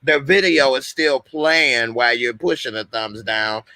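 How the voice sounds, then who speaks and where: A man hosts a casual call-in live stream, holding forth at length in a loose, everyday way. His voice is bright and forward, and the sound is dry and close, with no room around it. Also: mid-range voice, a little slow, no echo. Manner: loose, conversational, talks at length. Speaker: host.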